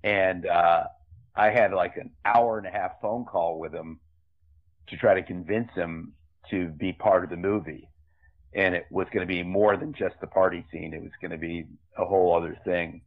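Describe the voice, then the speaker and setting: A man's voice: sits low, steady tone, moderate pace. Older man on a tinny line. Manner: rambling, chatty storyteller with many asides. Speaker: film director guest. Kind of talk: anecdotal interview storytelling. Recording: tinny phone-like remote line.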